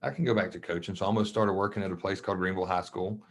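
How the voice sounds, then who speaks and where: A man, a coach from Mississippi, telling his story in a casual interview, animated, acting out the voices of people he quotes. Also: low voice, very fast. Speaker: guest, track and football coach. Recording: dull lo-fi podcast audio.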